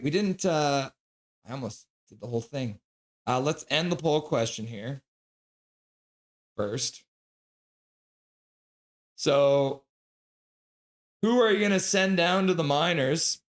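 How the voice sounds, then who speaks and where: Chatty man hosting a live stream. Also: on the high side. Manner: chatty, reads chat and donations aloud. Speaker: streamer host. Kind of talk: casual stream sign-off, reading chat.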